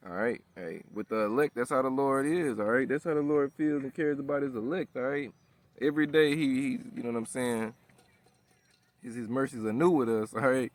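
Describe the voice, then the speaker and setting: A man preaches in a loose, street-style way, full of slang and swearing. His voice sits at an ordinary middle pitch, and he keeps checking in with "all right?" and "you know what I'm saying?". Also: moderate pace. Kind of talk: casual street-style sermon.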